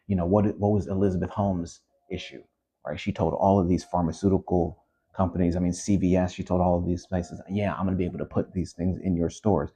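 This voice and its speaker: A low-voiced man with a husky, mellow tone rants to his audience in a loose, animated way. He circles back on his points, repeating phrases and leaning on conversational fillers. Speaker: commentary host. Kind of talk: casual opinion rant.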